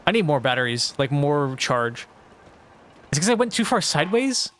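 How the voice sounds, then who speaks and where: His voice is a little high and a bit bright, swinging widely in pitch at a normal speed. During live gameplay commentary, the young streamer talks back to his chat, getting frustrated and letting out swears and exclamations at the game.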